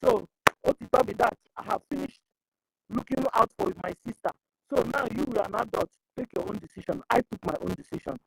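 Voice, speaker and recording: A woman's voice: on the high side, fairly quick, vocal fry, background noise. A woman speaking on an online group call, rambling and repeating "you understand?". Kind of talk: emotional call-in speech.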